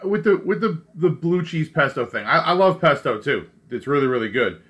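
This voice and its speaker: A man's voice: a little high, lively intonation, moderate pace, fairly bright tone. A man hosting a casual chat, joking and swearing freely as he moves the segment along. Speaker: podcast host.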